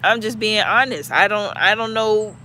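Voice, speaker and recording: High bright-voiced man musing casually. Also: normal speed, a little hiss or hum. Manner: loose and musing, many "like" fillers. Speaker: channel host. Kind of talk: casual reflective chat.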